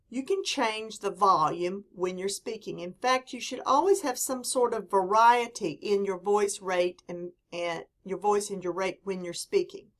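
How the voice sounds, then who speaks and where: A woman with a softened Southern US mountain accent lectures on public speaking. She speaks in a clear, deliberate teaching manner. She stresses important words firmly as she explains each point. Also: mid-range voice. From Southern US mountain region. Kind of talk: recorded classroom lecture.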